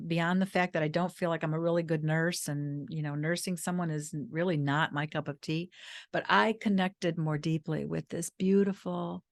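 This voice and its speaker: A woman guest speaker telling a personal story in a soft-spoken, earnest, reflective way. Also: lowish voice, no room sound, clean studio sound. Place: retreat venue.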